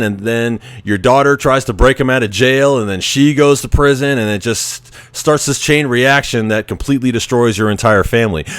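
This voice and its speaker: With a medium-pitched voice and no room sound, a podcast host chats casually about a film. He rambles, restarts his sentences often, and acts out the lines he quotes.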